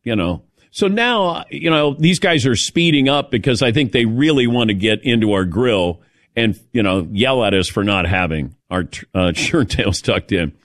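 A middle-aged man hosting a radio talk show, telling an animated story and calling on his cohosts. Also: mid-range voice, normal speed, no echo, clean studio sound. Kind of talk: casual studio chat.

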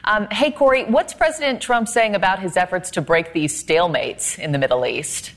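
A woman anchoring a news program, with brisk, conversational handoffs to reporters and guests. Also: on the low side.

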